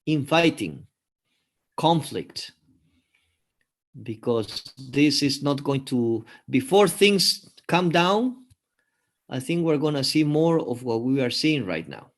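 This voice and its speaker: A man from Peru talking through current events in a casual conversation, thoughtful and hesitant, with many pauses and fillers. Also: medium pitch, very animated. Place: live video call.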